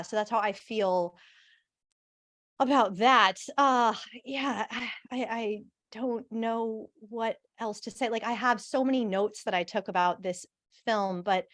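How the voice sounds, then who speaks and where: A woman's voice: on the high side, takes it slowly, fairly bright tone, no echo, clean studio sound. Bubbly woman reviewing films on a podcast, lots of likes and laughs. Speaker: podcast co-host. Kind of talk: casual film review chat.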